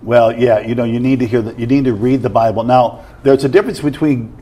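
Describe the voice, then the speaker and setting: Husky man explaining earnestly. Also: mid-range voice, fairly even intonation, fairly quick, warm tone. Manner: earnest, explanatory, asks questions to check. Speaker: guest teacher on prayer. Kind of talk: teaching in a conversation.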